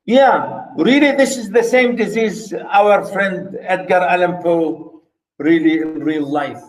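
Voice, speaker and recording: High-voiced man lecturing slowly in an echoey room. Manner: repetitive, emphatic, rhetorical questions. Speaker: literature lecturer. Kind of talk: lecture explaining a story.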